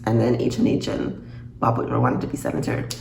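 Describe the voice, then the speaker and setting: A woman reviewing a TV episode in a casual vlog, expressive and quick to laugh and gasp. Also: a bass voice, gravelly. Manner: expressive, reacts with laughs and gasps. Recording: echoey room, faint noise.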